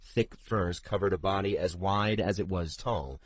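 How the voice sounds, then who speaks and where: A very deep-voiced man narrates a scripted fantasy audiobook at a measured, even pace. His recording is dry and close-miked, with no room sound.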